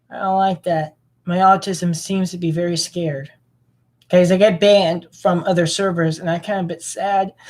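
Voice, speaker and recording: A young man talking to himself as he clicks around his computer for a vlog. He mumbles, rambles and grumbles about what he finds. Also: sits high. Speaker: vlogger. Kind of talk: rambling screen-recording commentary.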